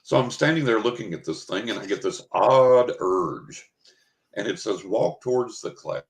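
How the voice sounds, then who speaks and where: Brief: older man from West Texas, very low voice, dramatic interview storyteller, echoey room. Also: expressive, moderate pace. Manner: vivid, dramatic storyteller who acts out his own thoughts. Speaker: guest. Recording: roomy, echoey recording.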